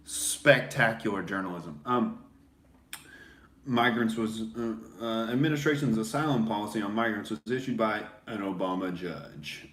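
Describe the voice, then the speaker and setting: A man's voice: fairly low pitch, a bit bright. A man hosting a podcast as a comedian, rambling through a casual, sarcastic monologue. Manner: rambling and sarcastic, many fillers. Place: small home recording setup. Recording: echoey room.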